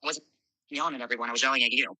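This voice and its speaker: A brash woman runs a live stream, moderating and scolding callers with a foul mouth. Her voice is intensely bright and forceful, with a dry, close sound and no room around it. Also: extremely low pitch, steady tone, very fast, dry recording, poor audio. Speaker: livestream host.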